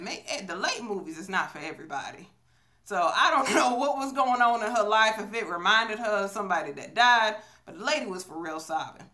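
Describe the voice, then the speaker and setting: Bright-voiced woman vlogging a movie review. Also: medium pitch, very animated, moderate pace. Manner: chatty, storytelling, many fillers. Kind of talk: casual movie review vlog. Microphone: phone on a selfie stick.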